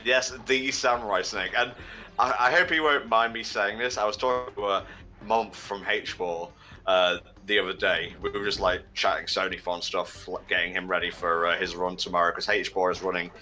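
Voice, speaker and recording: A man's voice: sits low, fairly even intonation, normal speed, bright, forceful tone. A man on a charity game stream, reading out donations and chatting casually, swearing now and then. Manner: swears freely, reads out donations, laughs often. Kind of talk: casual live-stream chat.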